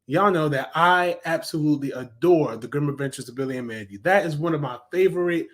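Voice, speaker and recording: A man's voice: fairly high pitch, a little fast. A young adult man giving a casual, enthusiastic spoken review of a cartoon, chatty, with frequent fillers and self-corrections.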